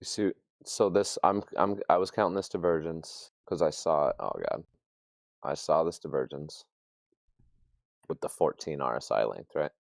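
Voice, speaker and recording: A man's voice: very deep voice, normal speed, vocal fry, dry recording. A man talking trading charts in a loose, rambling casual chat. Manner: rambling, loose, uses hunting analogies. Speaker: trader.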